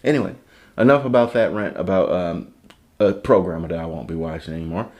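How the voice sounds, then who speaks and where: A man's voice: sits low, brisk, darkish tone. Male podcast host from Chicago, foul-mouthed sarcastic ranter, solo comedy show. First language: English. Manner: profane, ranting, sarcastic.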